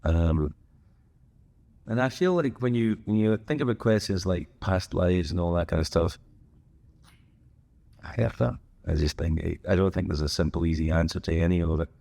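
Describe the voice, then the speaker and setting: A man's voice: low voice, moderate pace, vocal fry, pauses often, warm tone. A man hosting a podcast, talking on his own in a casual, rambling way full of wry asides and digressions. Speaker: podcast host. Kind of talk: casual solo chat.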